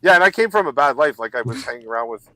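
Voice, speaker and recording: Male panelist, candid and halting, dry close sound. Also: medium pitch, lively intonation, bright, forceful tone, no echo, low-quality recording. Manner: candid, halting personal talk. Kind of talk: casual live stream panel chat.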